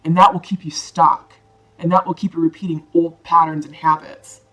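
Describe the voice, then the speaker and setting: A woman giving a tarot card reading to her viewers, soft-spoken, emotional and reassuring. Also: lowish voice, little pitch movement, normal speed. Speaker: tarot reader.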